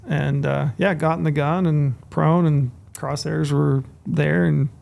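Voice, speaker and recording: A man's voice: on the high side, little pitch movement, normal speed, gravelly, hardly any pauses, a little mellow. A man co-hosting a podcast, telling a long story casually, with restarts and quoted dialogue, on a studio mic. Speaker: podcast co-host.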